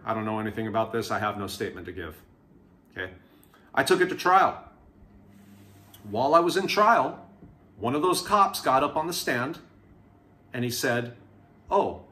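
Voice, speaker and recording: A man telling his own prison stories to camera in a casual, candid way, acting out the people he quotes. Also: mid-range voice. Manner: candid, animated retelling with quoted voices.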